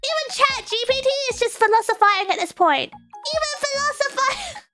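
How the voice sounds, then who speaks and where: A woman's voice: very high-pitched, expressive, a little fast, loud music behind the voice. A woman streamer chatting casually and reading viewer comments, giggly and playful with sudden squeals.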